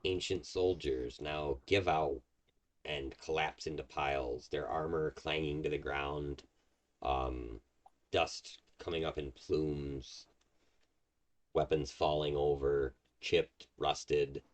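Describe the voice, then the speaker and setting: A man's voice: rumbling low, steady tone, slow. A man narrating as game master in a tabletop game, rambling with many ums and restarts.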